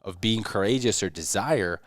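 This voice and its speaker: A man co-hosting a podcast in casual chat, laughing easily and getting animated when telling stories. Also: lowish voice, normal speed, dry recording, studio quality. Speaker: podcast co-host.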